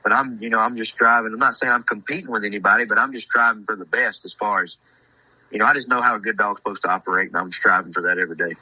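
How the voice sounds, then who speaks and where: Young man, very bright, laid-back voice. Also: lowish voice, fairly even intonation, quick pace, breathy edge, dry recording, poor audio. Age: 20s. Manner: laid-back, hesitant, with many "you know" fillers. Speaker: hunting dog handler, guest. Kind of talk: casual podcast chat.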